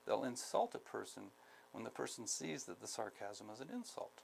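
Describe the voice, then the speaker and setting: A man from the United States giving a skills training lecture, speaking deliberately, repeating key points, with many ums. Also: lowish voice, sing-song, creaky, very noisy. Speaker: instructor.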